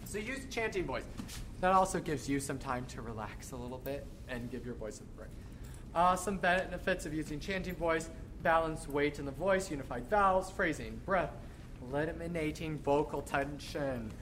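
A man working as a choir director, teaching a rehearsal in an energetic, encouraging way and demonstrating lines by chanting and singing them. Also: a little high, normal speed. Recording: echoey room with background noise.

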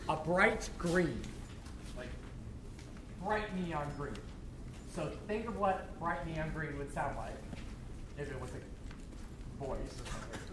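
A man working as a choir director, teaching a rehearsal in an energetic, encouraging way and demonstrating lines by chanting and singing them. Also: sits high. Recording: echoey room with background noise.

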